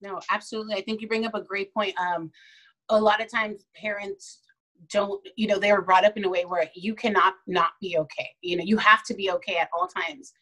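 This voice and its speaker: Casting: woman, parenting guest, conversational, lively storyteller, medium pitch. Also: brisk, poor audio. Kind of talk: casual podcast chat.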